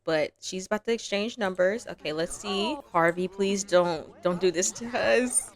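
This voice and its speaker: A young woman giving casual, playful commentary on her own game, chatty and quick to laugh. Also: mid-range voice. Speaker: gaming vlogger.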